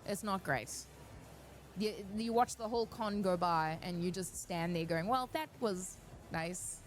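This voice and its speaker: A woman speaking on a cosplay panel, giving earnest, encouraging advice and telling stories in an animated way. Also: lowish voice, moderate pace, slight background noise.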